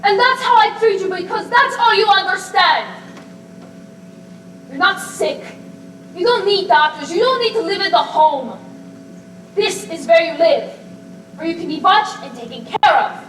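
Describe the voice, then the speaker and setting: A woman playing a stern old grandmother speaking from a school stage in a high, clipped voice that carries cold, unbending authority. The recording is distant and echoey, with a steady hiss running beneath it. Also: a little slow, long pauses, heavily acted. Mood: harsh. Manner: curt, clipped and unyielding. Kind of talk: amateur stage acting.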